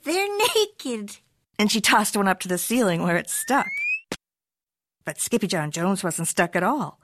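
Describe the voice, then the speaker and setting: A woman's voice: on the low side, moderate pace. A woman reading a children's storybook aloud in a playful, rhythmic, sing-song way. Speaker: narrator.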